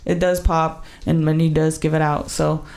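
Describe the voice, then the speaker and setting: A woman co-hosting a podcast, telling a story in casual chat with animated delivery, frequent swearing and laughter. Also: sits low, normal speed, vocal fry. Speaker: podcast co-host.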